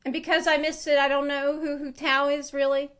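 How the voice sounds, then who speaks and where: Female streamer, high-pitched, chatty reaction commentary with loose cursing. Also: little pitch movement, brisk, fairly bright tone. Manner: rambling, laughing, swearing freely.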